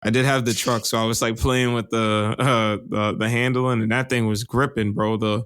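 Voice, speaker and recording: Rambling, profane podcast co-host, smooth voice. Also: male voice, mid-range voice, flat delivery, moderate pace, fairly bright tone, no echo, clean studio sound. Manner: rambling, profane, laughs often. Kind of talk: casual chat.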